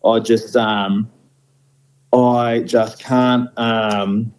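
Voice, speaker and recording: A man's voice: fairly low pitch, level tone, drawn-out words, smooth, low-quality recording. A middle-aged man with an Australian accent, a firefighter guest talking candidly and bluntly, with lots of fillers. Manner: blunt, outspoken, frequent fillers. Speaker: guest, firefighter station officer. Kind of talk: candid conversational interview.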